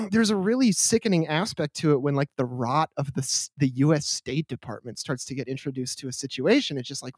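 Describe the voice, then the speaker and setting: A man with a voice pitched a little above average riffs through casual political banter on a podcast. He jokes, swears freely and laughs often. The close mic gives a dry, deadened sound. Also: breathy edge, no echo. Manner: animated, profane riffing with frequent laughter. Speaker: podcast co-host.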